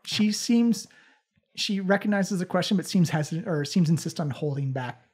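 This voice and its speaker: Man, game master, husky voice, halting narration full of fillers. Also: sits high, lively intonation, a little mellow.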